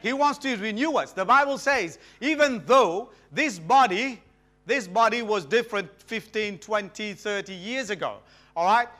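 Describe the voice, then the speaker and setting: A man's voice: high voice, normal speed. A middle-aged man from Mauritius, preaching a sermon as a guest and calling for responses from the congregation. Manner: animated, calls for audience responses.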